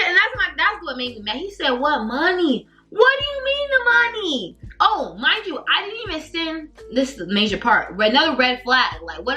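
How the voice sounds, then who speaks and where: A young woman spins a storytime for her vlog in a bright, lively voice that swings high and low. She talks in slangy, animated bursts packed with "like", and faint music sits behind her. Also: low-quality recording. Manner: animated, slangy, heavy use of "like". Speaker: vlogger. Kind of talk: casual storytime. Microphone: camera mic.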